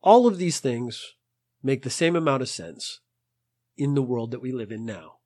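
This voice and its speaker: A man's voice: medium pitch, very animated, normal speed, darkish tone. A man hosting a podcast in a casual monologue, dry and exasperated, rambling at length. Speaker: podcast host.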